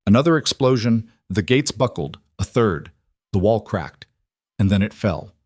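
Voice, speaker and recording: A man narrating a dark fantasy story in measured, clipped dramatic phrases. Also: on the low side, lively intonation, dry recording, studio quality. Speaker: audiobook narrator.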